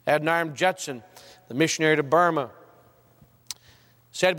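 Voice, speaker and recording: A man preaching a sermon, quoting scripture and last words, swelling to impassioned highs and dropping low. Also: normal speed, pauses often, long reverb tail.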